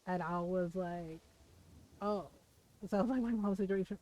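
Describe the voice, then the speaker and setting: A woman's voice: lowish voice, unhurried, mellow, rough recording. A middle-aged woman streamer telling a personal story in casual chat while she plays, frank and full of swearing, laughing between lines.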